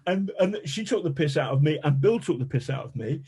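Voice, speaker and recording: A man with a warm, mellow, slightly husky voice tells a story from his reporting days. He talks in a lively, self-mocking way and swears freely. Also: fairly high pitch, fairly quick, few pauses. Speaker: journalist telling an anecdote as a podcast guest. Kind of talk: anecdotal storytelling.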